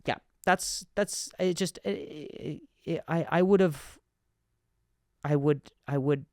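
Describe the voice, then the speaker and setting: A man's voice: fairly high pitch, takes it slowly, no echo, studio quality. A man hosting a comedy podcast, telling stories in a monologue, with a stutter and frequent repeated words and restarts.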